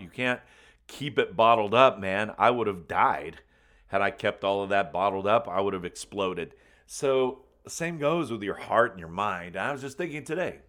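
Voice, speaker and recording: Low-voiced man telling a comic story. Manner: animated, bursts into loud excited retelling; folksy, says man and buddy.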